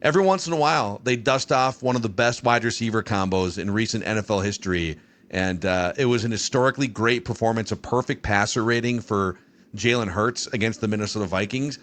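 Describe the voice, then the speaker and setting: A man hosting a football podcast, setting up topics in a brisk, conversational way. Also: lowish voice, fairly bright tone. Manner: brisk, conversational host patter. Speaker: podcast host. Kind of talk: casual sports talk.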